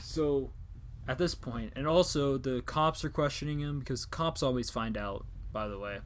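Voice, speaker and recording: A man's voice: medium pitch, moderate pace, slight background noise. A young man hosting a casual podcast chat, rambling and joking with casual swearing. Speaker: podcast host.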